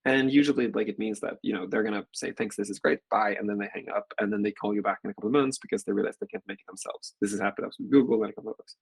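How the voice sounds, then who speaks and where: A man in his forties tells a long, rambling story as an interview guest, filling it with constant "like" fillers. His voice is low, husky and gravelly with fry. He talks at a quick clip. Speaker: guest, venture capital partner.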